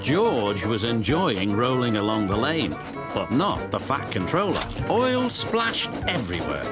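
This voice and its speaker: A man narrating a children's train story in a lively, expressive way. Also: medium pitch, a little slow. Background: loud music.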